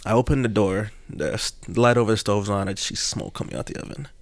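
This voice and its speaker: A man's voice: quick pace, no room sound. Laid-back young man telling a story. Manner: laid-back, rambling, laughs into high-pitched bursts. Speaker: podcast host. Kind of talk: casual storytelling chat.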